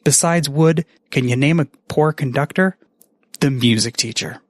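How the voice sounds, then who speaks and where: A man's voice: on the high side, moderate pace, dry recording, clean studio sound. A man recording a casual, rambling message to a friend, self-mocking and swearing freely. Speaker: podcaster sending a message.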